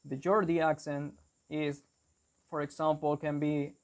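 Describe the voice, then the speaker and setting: A young man hosting an English-learning channel, explaining a lesson carefully and deliberately, with small restarts. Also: a little high, flat delivery, a little mellow. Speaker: English teacher, channel host.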